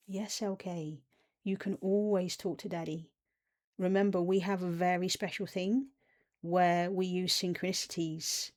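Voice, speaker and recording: A woman speaking as a loving parent figure to her inner child, slow and soothing. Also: lowish voice, little pitch movement, a little mellow, lightly acted. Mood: tender. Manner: tender, soothing, slow reassurance. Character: gentle loving parent voice, calling itself Daddy.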